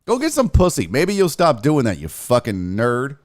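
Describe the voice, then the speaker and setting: A man's voice: medium pitch, huge pitch swings, normal speed. Profane, exasperated man ranting live. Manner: mocking sing-song impressions in quotes. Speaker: sports show host. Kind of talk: live-streamed sports rant.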